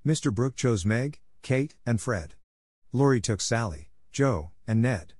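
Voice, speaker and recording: A man narrating a classic novel audiobook in a steady, measured reading on a close mic. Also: mid-range voice, slightly rough, dry recording.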